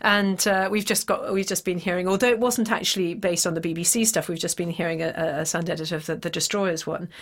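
A woman's voice: fairly low pitch, steady tone, quick pace, few pauses. A woman who acts in an audio drama, chatting enthusiastically about the story and the recording. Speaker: actress. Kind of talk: casual behind-the-scenes chat.

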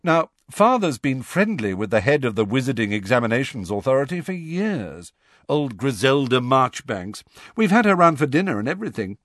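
A man's voice: mid-range voice, very animated, normal speed, a bit bright, no echo, clean studio sound, voice pushed up. A man voicing a smug, snobbish rich teenage boy who talks in a boastful drawl.

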